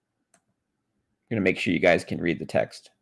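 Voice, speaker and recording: Brief: sarcastic male streamer, deadpan, gravelly fry. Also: low-pitched, unhurried. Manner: mocking, deadpan asides, frequent restarts. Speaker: streamer reading a book aloud. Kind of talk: sarcastic live-stream commentary.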